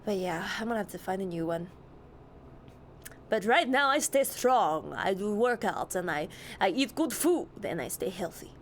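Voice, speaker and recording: A woman's voice: medium pitch, expressive, normal speed, slight background noise. A young woman streamer chatting casually, greeting and answering her chat with a giggly, easygoing manner.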